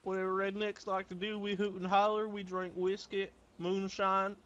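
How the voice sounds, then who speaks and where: Man playing a twitchy redneck gang recruiter, high voice, rowdy, folksy, jittery. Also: level tone, normal speed, muffled recording, over a noisy crowd, natural voice. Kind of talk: video game role-play.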